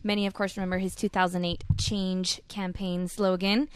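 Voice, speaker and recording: A woman's voice: mid-range voice, flat delivery, normal speed, clear, resonant tone, no echo. A woman presenting a news segment on a casual talk show, reading the stories in a friendly way.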